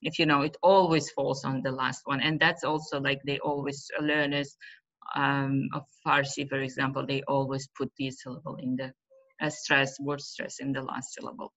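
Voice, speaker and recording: Hesitant low-voiced woman. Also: little pitch movement, normal speed, a bit bright. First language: Uzbek. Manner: hesitant, many fillers, loses her thread. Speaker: webinar presenter, teacher trainer. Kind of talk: online teaching webinar. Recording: muffled, lo-fi online call audio.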